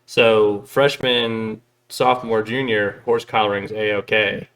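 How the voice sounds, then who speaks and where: Bright-voiced man joking in chat. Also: on the low side, level tone, takes it slowly. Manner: joking, quotes lines in funny voices. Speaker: podcast co-host. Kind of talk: casual chat.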